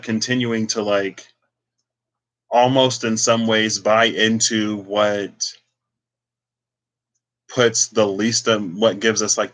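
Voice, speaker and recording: Thinking out loud with plenty of fillers, a man who reads tarot gives a meandering, relaxed reflection on spirituality and the cards. He has a fairly low, slightly bright voice.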